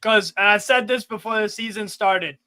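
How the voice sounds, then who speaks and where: A man hosting a casual football live stream, chatting agreeably with quick interjections. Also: high voice, sharp tone.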